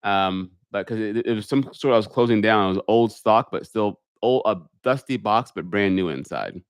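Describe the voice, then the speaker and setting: A middle-aged man, an airline pilot, casually chatting on a live stream, reading out viewer questions and answering them in a relaxed, talkative way. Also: fairly low pitch, normal speed, clean tone, no echo, studio quality.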